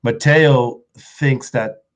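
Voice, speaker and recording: A man's voice: medium pitch, steady tone, very slow, muffled recording. A man from the Bronx who is a guest on a casual podcast chat, rambling, correcting himself and laughing often. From the Bronx, New York.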